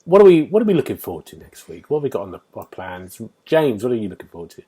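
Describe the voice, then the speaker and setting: A man hosting a casual gaming podcast, bubbly and quick to laugh as he moves the conversation along. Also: lowish voice, sing-song, dark tone, slightly rough. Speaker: podcast host.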